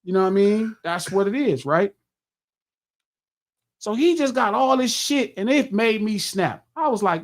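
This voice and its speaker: A man's voice: high voice, unhurried. A middle-aged man hosting a podcast, telling a long casual story with lots of swearing and acting out what he said to others. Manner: profane, animated, acts out his own quotes. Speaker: podcast host.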